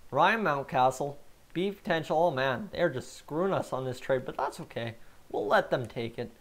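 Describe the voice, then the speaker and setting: A man from Canada giving casual live-stream commentary on a video game, chatting with his viewers and getting excitable at times. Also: fairly high pitch, moderate pace.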